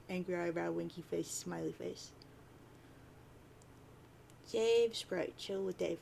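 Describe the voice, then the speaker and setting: A woman's voice: fairly low pitch, takes it slowly, creaky, long pauses, warm tone, a little hiss or hum. A woman casually reading a webcomic aloud and adding her own chatty asides. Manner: chatty, reads dialogue tags, adds asides. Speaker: reader of a webcomic. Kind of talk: casual read-aloud with commentary.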